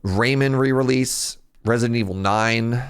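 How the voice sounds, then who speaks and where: A young man chatting casually on a live stream, rambling and jumping in pitch when something excites him. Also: measured pace, smooth. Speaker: streamer reacting to a game showcase.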